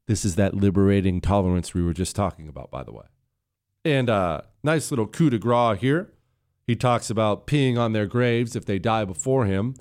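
A man's voice: lowish voice, moderate pace, a little mellow. A male radio talk show host delivering a heated political monologue into a studio microphone, indignant and mocking.

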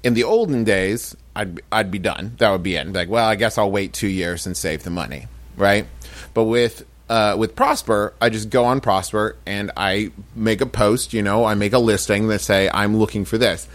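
A man with a fairly low voice explains a sponsor casually on a comedy podcast. He restarts his sentences and lets the pitch ramble without any polish. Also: moderate pace. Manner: explains things loosely, with restarts. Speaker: podcast co-host.

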